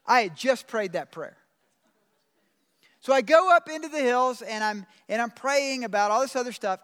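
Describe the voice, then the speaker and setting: A man, a pastor, delivering an earnest sermon in a church, reading scripture aloud and slowing down to stress key phrases. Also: extremely high pitch, big pitch swings, fairly bright tone. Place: church sanctuary with congregation. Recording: long reverb of a large room.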